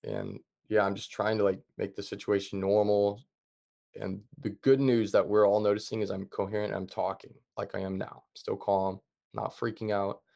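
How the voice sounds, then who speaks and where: Gravelly low-voiced man, calm storyteller. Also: moderate pace. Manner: calm, plain retelling with many fillers. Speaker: podcast guest. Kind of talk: casual storytelling.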